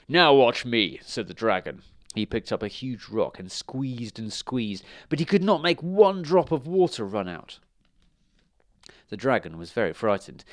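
A man reading a children's storybook aloud in an expressive, animated way. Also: mid-range voice, no echo, studio quality. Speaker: reader.

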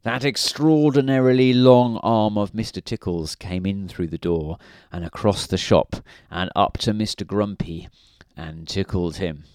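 A man's voice: fairly low pitch, a little slow, darkish tone, no echo, studio quality. A man reading a children's story aloud in a playful way, now and then asking the listener questions.

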